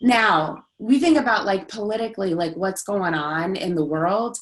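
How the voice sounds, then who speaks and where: Woman in a group chat telling a story, lots of likes and restarts, middle pitch. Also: normal speed, roomy sound, rough recording. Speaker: group member sharing a story. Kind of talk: casual group discussion.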